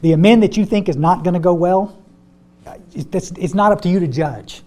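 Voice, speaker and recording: Older guy at a step study, folksy, says y'all a lot, warm mellow voice. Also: high-pitched, fairly quick. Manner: folksy, repeats words, addresses audience as y'all. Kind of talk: recovery talk, storytelling to a group.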